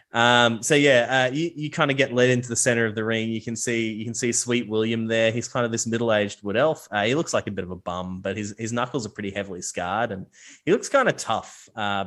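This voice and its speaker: A man narrating as game master in a tabletop game, animated and quick to laugh and swear. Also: on the low side.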